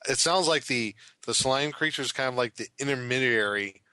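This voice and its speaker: A man's voice: mid-range voice, a little fast, bright, forceful tone, smooth, no room sound. A man co-hosting a casual tabletop game chat, joking and reacting with short laughs. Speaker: co-host and dungeon master. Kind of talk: casual chat about monster lore.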